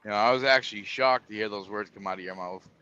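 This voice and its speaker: A man calls into a livestream and chats plainly and informally in casual conversation. His lowish voice is fast, sharp and smooth with no echo, though the call audio is muffled with a faint hiss.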